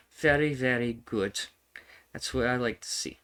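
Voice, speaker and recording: A man's voice: medium pitch, unhurried, fairly bright tone, clean tone. A man giving casual, swearing commentary while playing a strategy game, repeating himself and laughing often. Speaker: gaming streamer.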